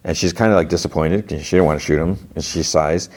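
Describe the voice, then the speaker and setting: A man's voice: low voice, fairly even intonation, quick pace, a little mellow. A man hosting a podcast, casually recapping an episode in a rambling way, full of fillers. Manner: rambling, filler-heavy retelling. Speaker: podcast host.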